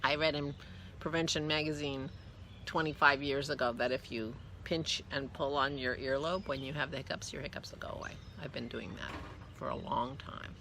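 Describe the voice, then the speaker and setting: A woman with a bright, forceful voice talks casually as a vlog host. She rambles chattily, trails off and restarts her thoughts, and turns to coo affectionately at her dog. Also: very deep voice, steady tone, normal speed, slight background noise. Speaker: podcast host. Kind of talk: casual chat.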